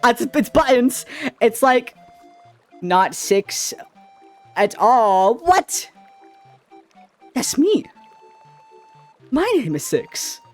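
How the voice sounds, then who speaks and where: A man's voice: very high voice, very animated, drawn-out words, long pauses, faint music behind. A young man streaming as a VTuber, chatting casually in a giggly, rambling, playful and self-teasing way. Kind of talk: casual livestream chat.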